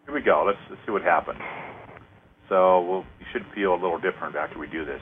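A man hosting a casual radio talk, rambling with many fillers and counting aloud slowly to lead a clearing. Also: sits low. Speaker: host leading an energy clearing. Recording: narrow phone-like radio sound.

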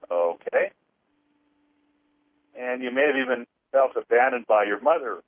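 A man, an energy healer on a radio talk show, who rambles with many fillers and counts slowly through a healing. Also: medium pitch, animated, no echo. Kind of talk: phone-in radio talk with guided clearing. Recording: tinny phone line, dry.

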